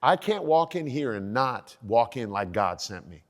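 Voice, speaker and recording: A man in his sixties, a fitness coach talking as a podcast guest in an energetic, motivational way. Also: mid-range voice, measured pace, long reverb tail. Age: 60s. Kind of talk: casual podcast conversation.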